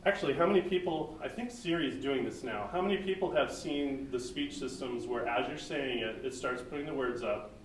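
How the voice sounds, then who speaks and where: An American man presents technical ideas at a meetup in a casual, conversational way, pausing on ums and drifting into asides. He sounds distant from the microphone, with a roomy echo and a faint hum of ambience behind him. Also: medium pitch. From United States. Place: meeting room, live-streamed.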